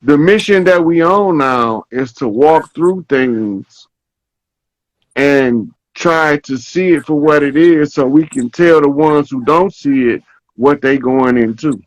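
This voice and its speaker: Slow-talking man telling a story. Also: fairly high pitch, no room sound, low-quality recording. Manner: slow, storytelling, checks in with "right?" often. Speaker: podcast host. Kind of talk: casual spiritual talk.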